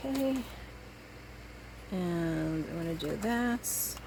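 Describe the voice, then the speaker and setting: A woman's voice: lowish voice, animated, slow pace, noisy background. A woman making a craft video, chatting casually to herself and the viewer as she cuts and glues. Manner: chatty, talks to herself while working. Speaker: crafting vlogger.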